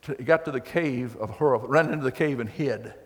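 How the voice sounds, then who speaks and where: A man preaching a sermon as pastor, telling the story in a folksy, animated way with acted quotes. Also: medium pitch, brisk. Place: church hall. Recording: long hall reverb.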